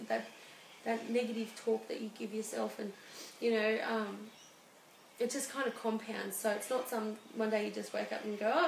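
A woman, a guest speaking emotionally and haltingly about her own life. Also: on the high side, creaky. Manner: halting and emotional, many restarts. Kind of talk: personal interview. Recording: roomy studio with faint hiss.

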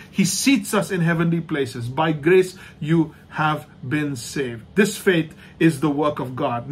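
A man preaching a sermon as pastor, emphatic and repetitive, slowing down to stress points and dropping to a soft hush at the end of each thought. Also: on the high side, slight background noise. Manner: emphatic, repeats key phrases, slows down for stress. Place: online church service.

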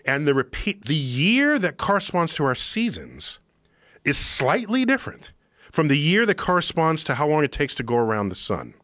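A man explaining something to a podcast host in an emphatic, excitable lecturing manner. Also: a little high, normal speed, no room sound, studio quality. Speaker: podcast guest. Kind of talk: animated explanation in conversation. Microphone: studio podcast microphone.

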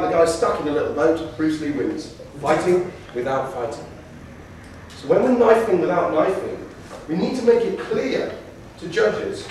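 A man's voice: high voice, a little hiss or hum. A man giving a debate lecture to students, telling stories and acting out quotes as he goes, recorded from a distance in a lecture room. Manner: animated storyteller, acts out quotes. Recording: roomy hall from a distance.

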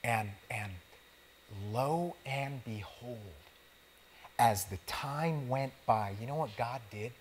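A man gives a sermon in a relaxed, conversational tone, speaking straight to the congregation as if chatting with friends. His wording is casual and slangy, and his pitch sits in the middle of a man's range. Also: slow pace, a little hiss or hum. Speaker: pastor.

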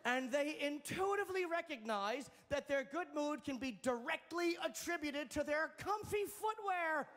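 A man doing a stand-up comedy set on a club stage, sardonic and profane, landing his punchlines deadpan. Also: very high-pitched, moderate pace, hardly any pauses, a little hiss or hum.

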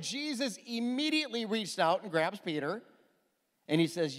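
A man preaching a sermon as pastor, emphatic and animated, with quick asides to the congregation. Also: sits high, in a large hall.

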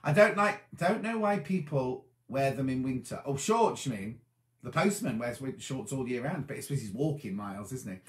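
A man's voice: medium pitch, animated, moderate pace, reverberant. A tired man hosting a casual live-stream chat, rambling as he answers viewers' comments. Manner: chatty, rambling, reads comments aloud and answers them. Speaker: host.

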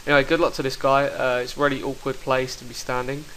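A young man commentating his own online game fights, excitable and quick to swear, talking into a headset mic. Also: mid-range voice, slight background noise, low-quality recording. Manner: excitable, swears, bursts into shouts. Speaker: gaming commentator. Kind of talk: live gameplay commentary.

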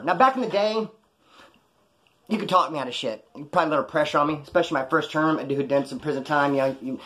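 A former prisoner telling stories about prison life in a blunt, rambling, profane way. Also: male voice, fairly high pitch, quick pace, a bit bright. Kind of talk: casual storytelling monologue.

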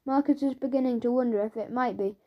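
A woman narrating a children's audiobook in the first person as a schoolboy, lively and storytelling. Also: on the high side, fast, muffled recording.

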